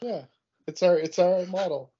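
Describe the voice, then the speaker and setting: A man co-hosting a casual podcast, cracking jokes and teasing his friend during a relaxed hangout. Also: high voice, moderate pace, highs cut off, a loud crowd. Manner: joking, teasing banter. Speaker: podcast co-host. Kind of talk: casual drinking-session chat.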